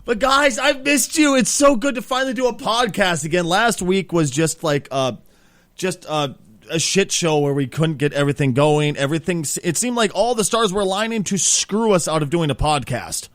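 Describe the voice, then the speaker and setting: A man hosting a casual podcast chat, excitable, laughing often and swearing freely. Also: high-pitched, moderate pace, dry recording. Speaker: podcast host.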